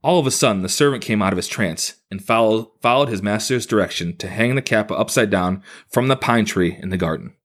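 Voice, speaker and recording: A man's voice: on the low side, a little fast, few pauses, a bit bright. A man reading a folktale aloud to friends, with restarts and casual asides. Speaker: storyteller.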